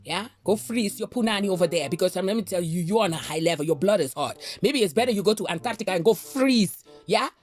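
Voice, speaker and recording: A woman's voice: mid-range voice, lively intonation, quick pace, faint music behind. A woman vlogger giving ranting gossip commentary, outspoken and indignant, with frequent exclamations. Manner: outspoken, indignant, exclaims "Lord have mercy".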